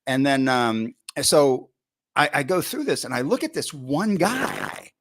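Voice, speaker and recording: A middle-aged football coach, a podcast guest, telling coaching stories in an animated way and acting out his own past thoughts, with frequent restarts and "you know" fillers. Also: medium pitch, a little slow. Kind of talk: storytelling in a podcast interview.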